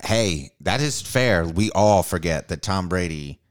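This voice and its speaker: A man co-hosting a casual sports chat, animated and joking, swearing freely. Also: sits low, unhurried. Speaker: podcast co-host.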